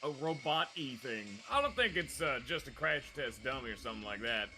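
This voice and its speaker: A young man hosting a let's play, chatting casually over a game in an excitable, jokey way. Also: mid-range voice. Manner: excitable, jokey, quick to laugh. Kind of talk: casual gameplay chat.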